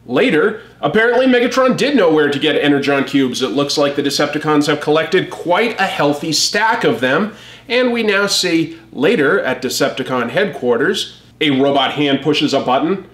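A man giving casual, wry commentary on a comic as a review host. His voice sits a little on the high side. The room adds a noticeable echo. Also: expressive, moderate pace, a bit bright.

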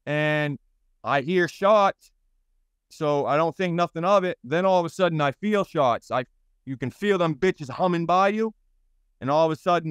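A man in his thirties with a Boston accent tells his stories bluntly and with a lot of swearing, often stopping and starting over. His voice is smooth and pitched a little high. The sound is dry and close, with no room around it. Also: dry recording. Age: 30s. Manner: blunt, rambling, profane, halting restarts. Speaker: guest. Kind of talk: interview storytelling.

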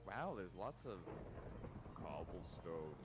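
A man's voice: deep voice, very animated, slow. A man streaming a game with a friend, laid-back and joking as he plays. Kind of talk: casual gameplay chat.

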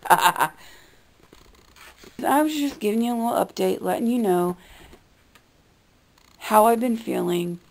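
A woman's voice: mid-range voice, creaky, darkish tone. A young woman vlogger talking bluntly and defensively, swearing freely in a casual rant. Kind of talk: casual ranting vlog.

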